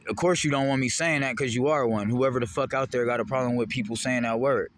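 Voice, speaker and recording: A man's voice: medium pitch, fast talker, slight background noise. A man in a heated, rambling, profane monologue to the camera. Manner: heated, rambling, profane, jumping between topics. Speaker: vlogger.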